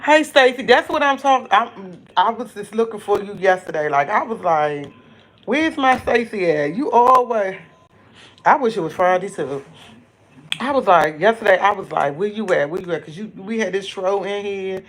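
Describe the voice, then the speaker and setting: A chatty woman hosts a casual live stream at a middling pitch. She greets viewers one by one and reads their comments aloud. Her stories ramble, full of restarts and asides. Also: expressive, moderate pace. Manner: rambling storytelling with many restarts.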